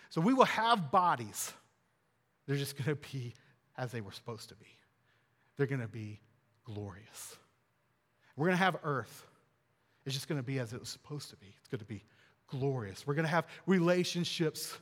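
A man's voice: a little high, animated, moderate pace, a bit bright, in a large hall. A man preaching a sermon as a pastor, earnest and conversational, repeating phrases and rising for emphasis.

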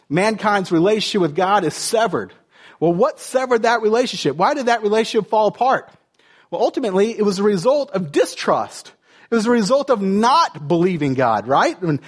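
Husky high-voiced male pastor. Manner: conversational preaching with rhetorical questions and fillers. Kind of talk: sermon.

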